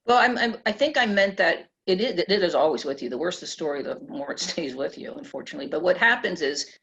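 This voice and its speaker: A middle-aged woman author being interviewed at a press club event, telling stories in an animated way and laughing often. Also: lowish voice, quick pace, husky. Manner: animated, laughs often, acts out quoted voices. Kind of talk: conversational storytelling. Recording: dull lo-fi event recording.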